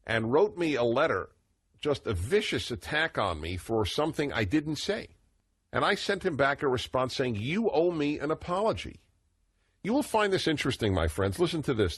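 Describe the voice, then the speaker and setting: Husky-voiced radio host in his sixties. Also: medium pitch, a bit bright, no room sound. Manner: expansive, opinionated, chuckles often. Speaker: radio talk show host. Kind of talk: call-in radio talk.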